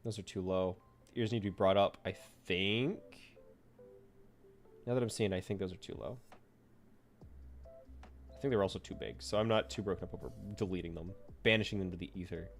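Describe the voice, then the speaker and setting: A man's voice: low-pitched, steady tone, brisk, pauses often, soft background music. A man streaming live as a VTuber, chatting casually and rambling playfully to himself while he draws.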